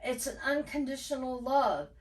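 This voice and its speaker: A woman co-hosting a casual book club podcast, talking emphatically and chiming in with quick agreement. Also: sits high, animated, distant mic. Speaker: podcast co-host.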